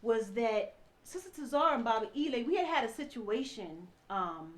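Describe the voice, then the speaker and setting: A woman's voice: a little high, expressive, moderate pace. A woman in her thirties giving an earnest personal testimony, speaking directly to her listeners and often repeating herself as she recounts events. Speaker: ex-wife telling her story.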